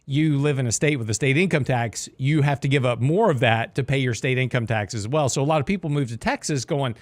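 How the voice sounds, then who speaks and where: A man's voice: mid-range voice, a little fast, few pauses, no room sound. A man hosting a finance talk show, explaining markets in a chatty way with joking asides on a studio mic. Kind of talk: radio talk commentary.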